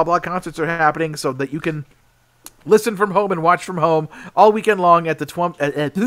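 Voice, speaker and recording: A man's voice: fairly high pitch, fairly bright tone. A man co-hosting a casual podcast, chatty and rambling, sleepy and yawning. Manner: rambling, chatty, filler-heavy. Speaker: podcast co-host.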